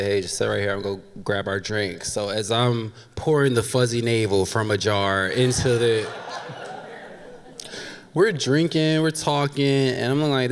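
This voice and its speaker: A man's voice: medium pitch, clean tone. A man in his thirties telling a funny true story on stage, candid, with laughing asides to the audience. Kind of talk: live personal storytelling on stage. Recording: long reverb of a stage hall.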